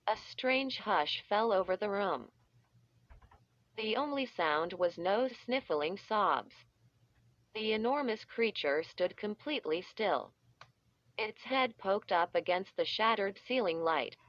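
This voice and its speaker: A woman reading a children's story aloud in a deliberate way, stretching out the sound effects, with dull, slightly muffled audio. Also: medium pitch, fairly bright tone, no echo. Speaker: audiobook reader. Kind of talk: scripted storybook narration.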